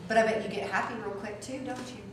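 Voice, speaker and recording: Animated woman teaching in an echoey room. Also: medium pitch, fast talker. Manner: animated, swings from soft to loud. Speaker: spiritual teacher. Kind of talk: talk to a small group. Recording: echoey room from a distance, faint noise.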